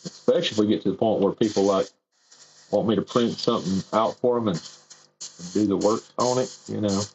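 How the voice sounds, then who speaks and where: Brisk and on the low side, this man's darkish voice comes through poor audio with a little hiss or hum. He airbrushes in his home workshop on a livestream, rambling casually with easygoing self-deprecation.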